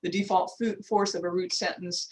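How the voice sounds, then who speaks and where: An older American woman professor gives a linguistics workshop lecture over a video call, informal and chatty, full of restarts and asides, and she checks the time aloud. Her voice is lowish and brisk with fairly even intonation, and the audio is poor.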